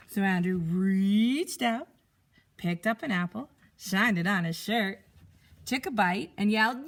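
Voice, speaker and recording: A teacher reading a picture book aloud to young pupils, expressive and animated. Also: female voice, medium pitch, unhurried.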